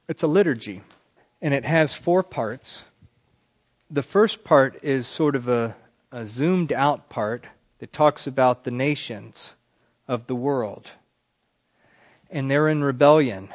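A man's voice: mid-range voice, dull audio. A man preaching a sermon, explaining a psalm and reading scripture aloud with rising emphasis.

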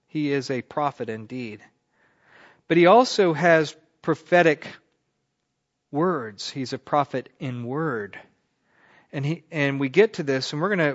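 Man, bible teacher, sermon style, chatty delivery with loud emphatic swells, muffled lo-fi sound. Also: mid-range voice. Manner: conversational, rising emphatic swells on key words. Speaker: pastor teaching a Bible class. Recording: dull lo-fi recording.

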